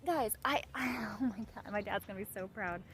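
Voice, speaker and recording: A young woman live-streaming herself fishing from a pond shore, chatting playfully to her viewers and getting loudly excited over a big catch. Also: medium pitch, a little fast. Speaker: fishing vlogger. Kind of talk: casual live-stream chat.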